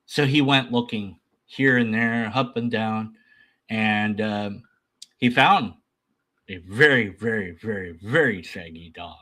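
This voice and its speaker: A man's voice: fairly low pitch, slow pace, pushed and bright. A man giving rambling, sarcastic commentary while reacting to a video. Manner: rambling, mocking, sarcastic asides.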